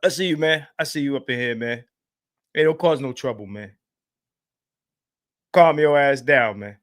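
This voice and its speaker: A man's voice: medium pitch, normal speed. A brash, profane man with a New York accent hosting a livestream, greeting viewers in chat. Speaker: livestream host. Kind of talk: casual livestream monologue. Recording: loud music behind the voice. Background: loud music.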